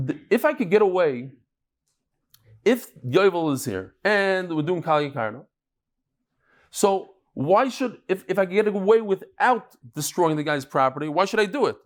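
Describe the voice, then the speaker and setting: A man giving a daily Talmud lecture, walking through cases with rhetorical questions and everyday examples. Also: high-pitched. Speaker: Talmud teacher.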